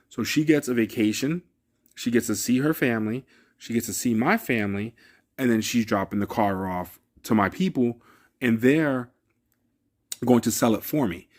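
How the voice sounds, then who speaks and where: A man who deals cars, talking casually and emphatically to his viewers, often addressing them directly. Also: fairly low pitch. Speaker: car dealer vlogger. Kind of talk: casual talk to camera.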